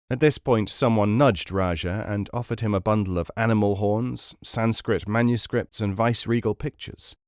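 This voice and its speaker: A man reading a book aloud as a podcast narrator, in a measured, even storytelling manner. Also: lowish voice, dry recording, studio quality.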